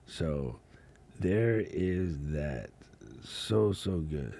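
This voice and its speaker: A man's voice: sits low, lively intonation, extremely slow, creaky, mellow. A man hosting a casual livestream chat as a content creator, laid-back and slangy, laughing often.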